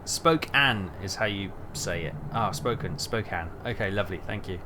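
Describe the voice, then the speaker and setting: A man's voice: low voice, steady tone, a little fast, background noise. A man streaming a trucking game, rambling and thinking aloud with lots of fillers. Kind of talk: casual gameplay chat.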